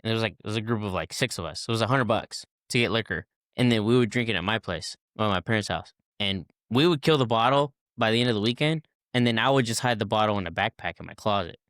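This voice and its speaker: A man's voice: lowish voice, quick pace, few pauses, fairly bright tone, clear, resonant tone, no room sound, studio quality. A man in his twenties, a podcast guest, telling a casual story and acting out the people in it with many fillers and restarts.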